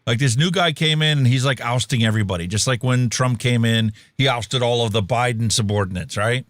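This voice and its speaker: A man's voice: medium pitch, a little fast, fairly bright tone, no echo, studio quality. Man rambling casually on a podcast. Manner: jokey, rambling, many fillers. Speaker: podcast co-host. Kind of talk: casual talk show chat.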